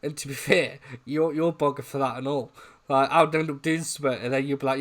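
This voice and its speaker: A man co-hosting a laid-back review podcast with a medium-pitched voice. He talks in a friendly, chatty way, laughing along with his co-host. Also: steady tone, fast talker, a bit bright. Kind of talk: casual review chat.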